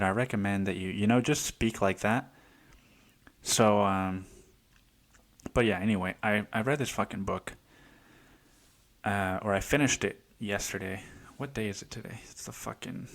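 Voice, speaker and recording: A man's voice: fairly low pitch, fairly bright tone. A man in his twenties hosting a casual solo podcast, rambling with heavy swearing and many restarts. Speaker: podcast host.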